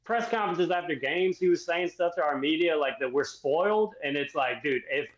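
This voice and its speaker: A man's voice: on the high side, animated, moderate pace. A man from Louisiana, a podcast guest, talking in a rambling, casual way with lots of fillers and some mocking. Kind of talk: casual chat. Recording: roomy, muffled remote audio.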